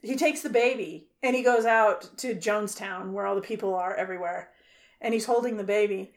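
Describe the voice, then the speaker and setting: A woman's voice: medium pitch, brisk. A woman co-hosting a casual podcast, retelling a film's plot with swearing and acted-out quotes. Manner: profane, animated storytelling with acted quotes. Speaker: podcast co-host. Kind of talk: casual chat, film rant.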